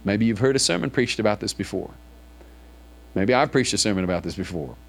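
A man's voice: lowish voice, lively intonation, brisk, gravelly. A man preaching to his congregation in church, reading scripture aloud and then asking it probing questions. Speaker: pastor. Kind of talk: sermon.

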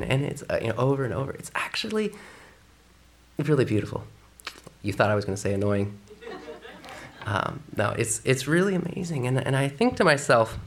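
A man's voice: mid-range voice, very animated, normal speed, long pauses. A man preaching a conversational sermon in a church, often dropping to a whisper for emphasis. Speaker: pastor.

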